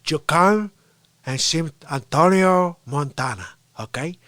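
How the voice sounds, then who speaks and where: A man putting on a swaggering middle-aged Cuban gangster with a Cuban Spanish accent, gruff and insistent. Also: fairly high pitch, expressive, takes it slowly, bright, forceful tone, no room sound, clean studio sound, exaggerated voice. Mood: defiant. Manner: gruff, insistent "okay?" tags.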